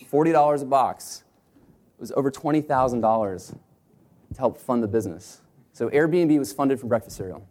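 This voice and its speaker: Man, co-founder storyteller, animated, does quick voices in his anecdotes. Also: medium pitch. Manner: animated, acts out quotes in put-on voices. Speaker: startup co-founder telling his company's story. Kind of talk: storytelling talk to an audience.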